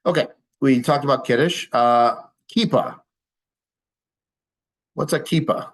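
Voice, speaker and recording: Over a rough recording, a male rabbi with a medium-pitched voice speaks a little slowly during an informal class before a live audience. He explains patiently with dry humor and many small fillers, fielding audience questions.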